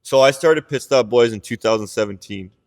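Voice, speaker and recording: A young man from Canada talks through his story in loose podcast chat, circling back with restarts and frank swearing. His voice sits in an ordinary middle pitch. The sound carries a long, echoing room reverb. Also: fairly quick. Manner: rambling, many "like"s and restarts, candid, swears. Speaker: business owner telling his story.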